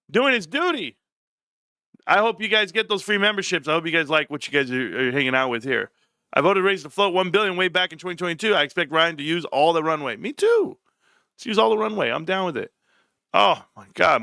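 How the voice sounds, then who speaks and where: A man hosting a casual live stream. He talks in an excitable, animated way and swears often. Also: medium pitch, clean tone, no echo, studio quality. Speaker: livestream host. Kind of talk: casual livestream chat.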